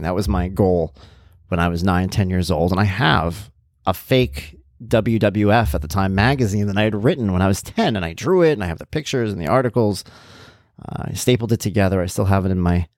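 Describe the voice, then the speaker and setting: A man in his thirties hosts a podcast, speaking a little fast in a dry, studio-quality recording. He tells a casual story, acting out both sides of the conversation with animation and jumping to a high voice whenever he quotes himself.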